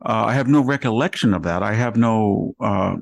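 A man's voice: fairly low pitch, moderate pace, creaky, dry recording. A man putting on an evasive, mock-innocent official who feigns forgetfulness under questioning.

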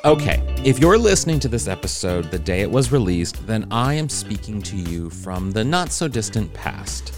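A man's voice: fairly low pitch, sing-song, moderate pace, few pauses. Upbeat male podcast host over music. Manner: upbeat, playful and gushing. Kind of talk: chatty podcast intro. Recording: music bed under voice. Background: background music.

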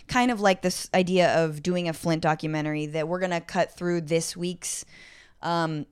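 A woman's voice: sits low, smooth, dry recording, studio quality. A woman in her thirties chatting casually as a podcast guest, jokey and self-deprecating. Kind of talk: casual conversation.

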